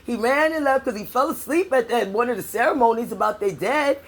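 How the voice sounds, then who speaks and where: A woman's voice: a little high, brisk, husky. A middle-aged woman from New York delivering an angry, profane political rant to her viewers, repeating herself for emphasis. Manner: profane, emphatic, repetitive, addresses viewers as y'all. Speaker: political vlogger.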